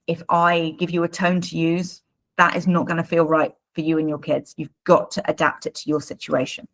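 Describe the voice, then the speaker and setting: A woman coaching parents in a live workshop, her voice low and gravelly. She talks informally and loosely, with plenty of fillers and repeated words. Her tone stays low, with a rough, creaky edge. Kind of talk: live online workshop talk.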